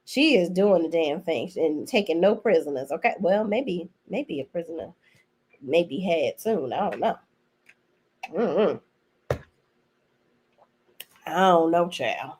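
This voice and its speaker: A woman's voice: fairly low pitch, expressive, slow, pauses often, darkish tone, husky. A woman giving a casual, blunt and profane recap of TV episodes, chatting straight to her viewers. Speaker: TV show reviewer.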